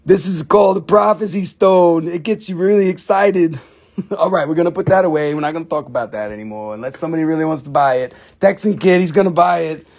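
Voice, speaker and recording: Man, live sales host, joking, swears a lot, laughs often, gravelly voice. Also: on the high side, fast talker, darkish tone. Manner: playful, profane, laughs often.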